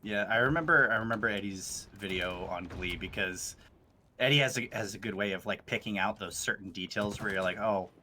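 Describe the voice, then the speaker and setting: A man chatting casually while gaming, laughing a lot and trading quick banter. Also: lowish voice, sharp tone, a little hiss or hum. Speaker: co-player.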